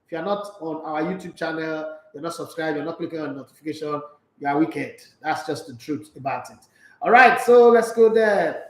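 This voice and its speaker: A man with a Nigerian accent hosting a sports talk show, chatting casually and reading viewer comments in a playful, animated way. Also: a little high, normal speed, echoey room, poor audio. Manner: playful, animated, slipping into Pidgin.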